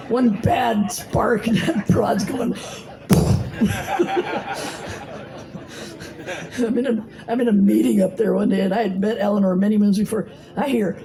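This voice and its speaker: A woman's voice: medium pitch, vocal fry, noisy background. A middle-aged woman telling her own recovery story at a meeting, blunt and salty, with plenty of fillers. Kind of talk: personal testimony talk. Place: meeting hall.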